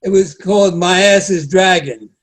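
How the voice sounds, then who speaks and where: Older male veteran, slightly high voice, halting conversational chat. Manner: halting, repeats words. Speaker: WWII veteran guest. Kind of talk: casual chat.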